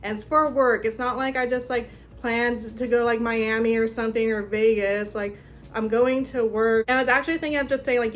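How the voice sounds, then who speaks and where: A woman's voice: fairly high pitch, a little fast, a little hiss or hum. A young woman vlogger telling a story in a casual, chatty way, filling her talk with "like". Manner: chatty, lots of "like", animated retelling.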